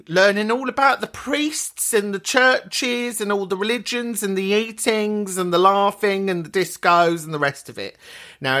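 Animated, sweary woman host. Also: mid-range voice. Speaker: podcast host. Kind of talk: casual chat.

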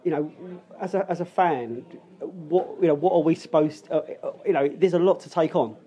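A man hosting a casual football fan podcast, talking haltingly with many restarts. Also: on the high side, warm tone, muffled recording. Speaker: podcast host. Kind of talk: casual pub podcast chat.

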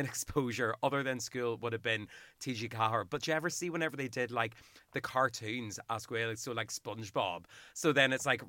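A man, a podcast co-host chatting casually in an animated, rambling way. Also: medium pitch, dry recording, clean studio sound. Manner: rambling, animated, laughing asides. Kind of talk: casual chat.

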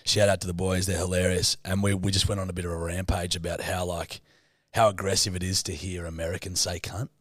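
Sweary Australian man with a low voice. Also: little pitch movement, a little fast, a bit bright, dry recording, studio quality. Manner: blunt, swears constantly, teasing. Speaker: podcast co-host. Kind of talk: casual banter.

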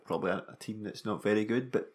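A Scottish man with a slightly low voice co-hosts a football podcast. He builds his arguments earnestly, driving each point home with emphasis. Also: fast, darkish tone. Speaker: podcast co-host. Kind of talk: casual football podcast chat.

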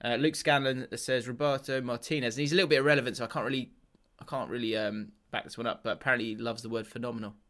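A man's voice: medium pitch, fairly even intonation, rapid-fire, sharp tone. A man co-hosting a casual football podcast, chatty, laughing often and restarting his sentences. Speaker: podcast co-host.

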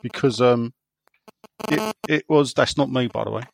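A man's voice: medium pitch, expressive, moderate pace, gravelly, dry recording. A man from England hosting a casual podcast, reading out listener questions in a rambling, sweary way and laughing often. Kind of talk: casual chat.

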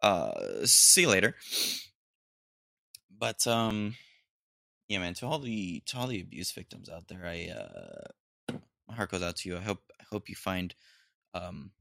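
A man's voice: sits low, creaky, pushed and bright, no room sound, studio quality. A young man hosting a podcast on his own, rambling with lots of ums and restarts and throwing in crude jokes. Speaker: podcast host. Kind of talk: solo podcast rant.

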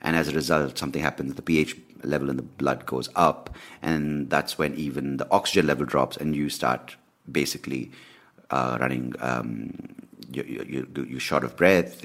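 A man hosting a podcast, telling a personal story in a candid, animated way with plenty of swearing. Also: a bass voice. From India. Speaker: podcast host. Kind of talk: casual ranting monologue.

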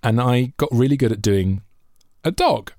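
Animated Welsh man telling jokey stories. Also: mid-range voice, moderate pace, dry recording, clean studio sound. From Wales. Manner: jokey, animated storytelling, often laughing. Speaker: podcast co-host. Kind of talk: casual chat.

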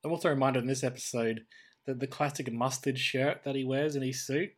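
An Australian man chatting casually as a podcast co-host, animated and talkative about a cartoon episode. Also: mid-range voice, fairly quick. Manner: chatty, animated when quoting characters. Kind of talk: casual chat reviewing a cartoon.

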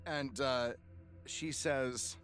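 A man's voice: medium pitch, steady tone, extremely slow, a bit bright, soft background music. A man narrating a tabletop game as game master, hesitant, with frequent ums and laughs.

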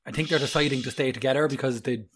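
A man's voice: medium pitch, fairly even intonation, rapid-fire, a bit bright. A young man co-hosting a podcast, joking loosely, crudely and swearing freely. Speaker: podcast co-host. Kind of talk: casual banter.

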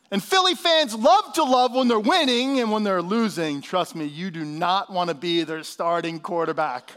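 A man in his fifties preaching a sermon, lively and conversational, calling out to the congregation and dropping to a hushed voice for emphasis. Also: sits high. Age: 50s. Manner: animated preaching, drops to soft hushed tones for emphasis; calls out to the congregation for responses. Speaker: pastor.

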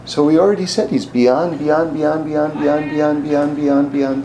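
A man's voice: fairly high pitch, measured pace, slight background noise, low-quality recording. A man giving a sermon, telling stories and acting out the voices in them, with frequent laughs. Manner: animated, acts out voices in the stories, laughs often. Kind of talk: sermon with storytelling.

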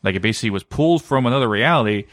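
A man co-hosting a casual podcast, telling a story in an animated way with lots of filler words. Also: medium pitch, very fast, no room sound, studio quality. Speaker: podcast co-host. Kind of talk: casual conspiracy podcast chat.

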